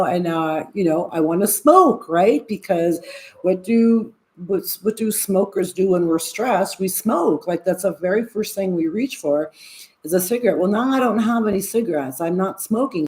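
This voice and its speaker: Woman in her 60s, casual livestream chat, rambling, blunt, low-pitched, warm tone. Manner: rambling and candid, with restarts and frank swearing. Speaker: vlogger.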